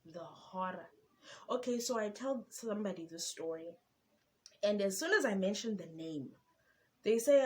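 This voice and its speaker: A young woman with a Xhosa South African accent telling a personal story in a vlog, animated and switching between English and Xhosa. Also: medium pitch, moderate pace, long pauses. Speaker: vlogger.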